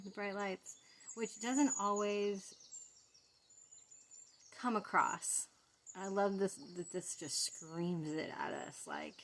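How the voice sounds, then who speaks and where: A woman giving a casual walkthrough of a tarot deck, soft-spoken and fond as she muses over each card. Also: lowish voice, big pitch swings, slow, long pauses.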